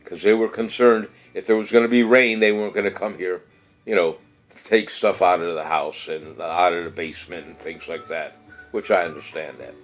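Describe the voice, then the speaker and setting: A man's voice: low voice, fairly even intonation, normal speed. A middle-aged man, hosting a casual show and rambling through birthdays and weather with many fillers and restarts. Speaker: radio-style show host.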